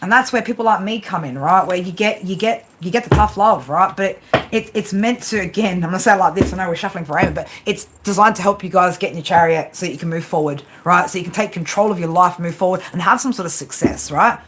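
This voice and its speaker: A woman's voice: on the low side, fast, a bit bright. A woman giving live tarot readings, blunt and rambling, swearing heavily and tagging her lines with "right?". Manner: blunt tough-love talk with heavy swearing; rambling, with constant "right?" tags. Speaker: tarot card reader.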